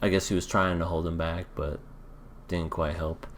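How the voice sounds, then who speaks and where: Deep-voiced man rambling through a recap. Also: little pitch movement, moderate pace, fairly bright tone, slight background noise. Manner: rambling, hedging, thinks aloud with "I guess" and "I don't know". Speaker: anime reaction vlogger. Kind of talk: casual episode recap and reaction.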